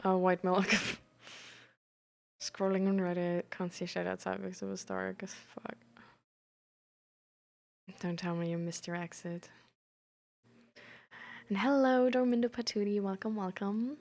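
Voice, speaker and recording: A young woman from Germany rambles through her day on a live stream. She talks bluntly, swears without a second thought and stops to greet viewers. Her voice sits slightly low. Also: vocal fry. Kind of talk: casual live-stream chat.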